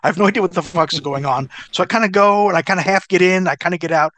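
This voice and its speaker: A man's voice: sits high, fast talker, dry recording. Profane middle-aged man telling stories. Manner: profane, laughing, animated storyteller. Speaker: interview guest, former wrestler. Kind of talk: casual storytelling.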